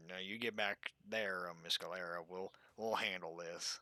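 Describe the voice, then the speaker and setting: A man playing a courteous, folksy adventurer in a tabletop game, soft-spoken and protective. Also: deep voice, fairly even intonation, moderate pace.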